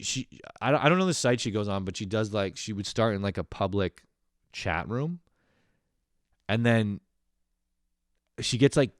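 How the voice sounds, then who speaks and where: Comedy podcast host, male, deep-voiced, casual rambling monologue full of swearing. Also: no echo, studio quality. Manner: rambling, profane, laughing at his own stories.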